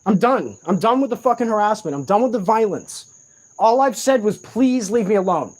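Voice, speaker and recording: A man's voice: high voice, lively intonation, brisk. Profane, agitated man ranting at night. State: sleep-deprived. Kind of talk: angry late-night rant to camera. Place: room in a shared home at night.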